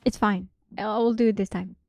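A young woman streaming a game live, reading game text aloud with excited, swearing, laughing asides. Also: mid-range voice, brisk, vocal fry, faint music behind.

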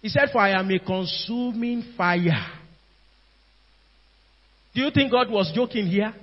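A man's voice: sits high, unhurried. A man preaching a sermon in a Nigerian accent, earnest, pleading and urgent. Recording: dull, echoey hall with soft music behind.

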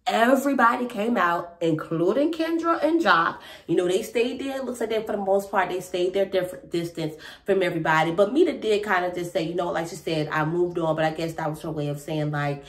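A woman's voice: lowish voice, a little fast, hardly any pauses. A young woman casually recapping a reality TV episode in a rambling, chatty way with lots of fillers.

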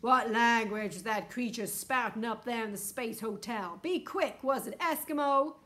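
A woman's voice: fairly high pitch, normal speed, close to an everyday voice. Woman doing a blustering childish president. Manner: petulant and loud.

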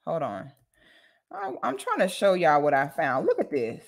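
A woman from Florida hosting a casual commentary livestream, talking bluntly and animatedly with loud exclamations. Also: sits low, wildly swooping pitch, moderate pace, creaky. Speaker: livestream host.

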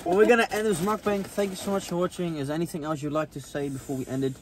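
Young guy vlogging in a car, fast and bouncy, kinda high voice, swears a bit. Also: noisy background. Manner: lively, swears casually. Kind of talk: casual car chat. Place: inside a car.

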